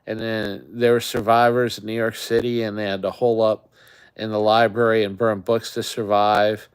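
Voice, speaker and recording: A man's voice: lowish voice, flat delivery, normal speed, clear, resonant tone. A man hosting a casual live chat, rambling and talking straight to his viewers. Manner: rambling, chatty, talks to viewers. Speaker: livestream host.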